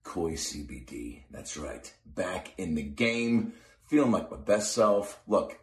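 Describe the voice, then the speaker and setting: Deep-voiced goofy ad-read man. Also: reverberant. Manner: goofy, self-interrupting pitchman. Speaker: comedian reading a podcast ad. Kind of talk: jokey improvised ad read.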